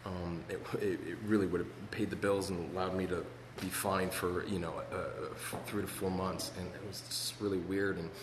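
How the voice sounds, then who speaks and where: A man giving an earnest personal recovery talk, halting, with many restarts and repeated words. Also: sits low, little pitch movement. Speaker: recovery speaker sharing his story. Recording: echoey hall, faint room noise.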